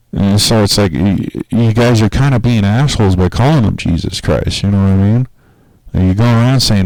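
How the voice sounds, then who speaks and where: A man talking casually on a podcast in a rambling, profane, animated way. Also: lowish voice, normal speed, no echo, rough recording. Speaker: podcast host.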